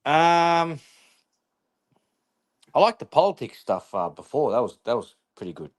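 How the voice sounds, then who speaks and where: A man calling into a casual chat, relaxed and offhand, swearing now and then. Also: medium pitch, a little slow.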